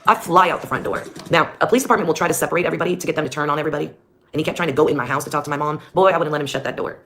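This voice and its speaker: Woman, mother telling her own story, blunt, heavy swearing, heated, deep voice. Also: very fast, fairly bright tone. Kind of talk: personal storytelling. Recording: clear music behind the voice. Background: music.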